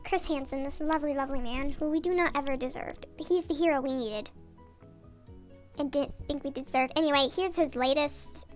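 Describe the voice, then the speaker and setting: A woman's voice: high-pitched, normal speed, soft background music. Sped-up, rambling young woman ranting at night. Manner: rambling, swearing, self-interrupting, giggly. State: sleep-deprived and anxious. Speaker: vlogger. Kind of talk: late-night rambling rant. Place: home bathroom at night.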